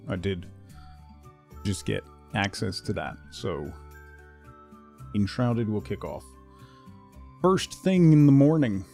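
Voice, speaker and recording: A man with a fairly low pitch streams a video game and chats casually. He's excitable, laughs often, and repeats words when things go wrong.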